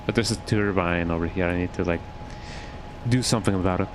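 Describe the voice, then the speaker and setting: A man's voice: low voice, fairly quick, background noise. A man streaming a horror game, chatting to his viewers in a rambling, jokey way and often ending his lines with "eh". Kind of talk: casual gameplay chat.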